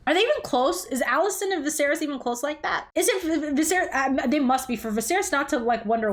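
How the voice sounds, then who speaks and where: A woman hosting a reaction video, blunt and animated, swearing freely and exclaiming as she chats. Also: sits high, fast. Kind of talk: casual reaction commentary.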